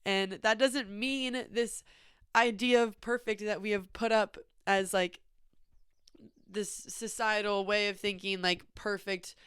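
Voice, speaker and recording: A woman's voice: mid-range voice, slow, smooth, dry recording, studio quality. A young woman telling a personal travel story in a casual, chatty way, full of fillers. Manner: chatty, many "like" fillers, animated retelling. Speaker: podcast host.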